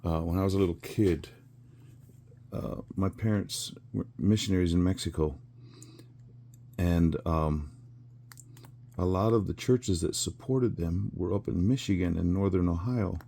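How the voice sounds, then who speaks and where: A man's voice: sits low, measured pace, gravelly, pauses often, warm tone, slightly rough. A man in his sixties telling a rambling story with chuckles and fillers while he works on a craft. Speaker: resin crafter.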